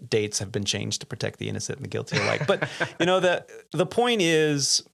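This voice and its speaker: A man's voice: medium pitch, fairly quick, vocal fry. Storytelling pilot, laughing man. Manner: animated anecdotes, laughs often, acts out quotes. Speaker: podcast host and airline pilot. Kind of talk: casual chat, storytelling.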